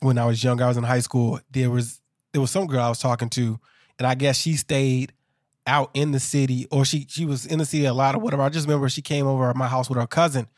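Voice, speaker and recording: A man's voice: medium pitch, flat delivery, quick pace, darkish tone, no echo, studio quality. A man co-hosting a casual podcast, telling rambling anecdotes with restarts. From Chicago area. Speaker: podcast co-host. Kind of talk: casual chat recapping a reality show.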